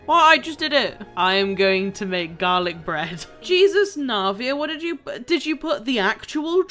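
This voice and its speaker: Brief: woman streamer, bright and sharp, slightly high, excitable and laughing, casual gameplay chatter from a home setup. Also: measured pace, faint music behind. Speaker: gaming video creator.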